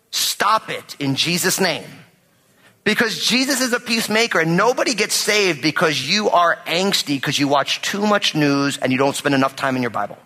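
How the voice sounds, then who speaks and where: A man preaching a sermon as pastor, animated and jokey, acting out quotes from everyday life. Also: a little high. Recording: reverberant hall.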